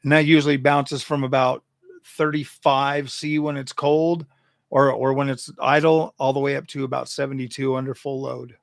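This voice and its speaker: A man's voice: mid-range voice, flat delivery, normal speed, gravelly, no echo, clean studio sound. A man hosting a tech channel, chatting casually and animatedly, exasperated, often stammering and repeating himself. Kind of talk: casual livestream chat.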